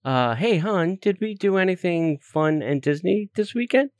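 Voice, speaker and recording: A man's voice: high voice, lively intonation, normal speed, a little mellow, no echo, studio quality. A man hosting a podcast, telling a story in casual chat with fillers and exasperated asides. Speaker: podcast host.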